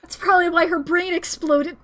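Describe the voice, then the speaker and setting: A woman streamer reading horror game dialogue aloud, swinging dramatically between hushed lines and shouting. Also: very high-pitched, steady tone, fairly quick.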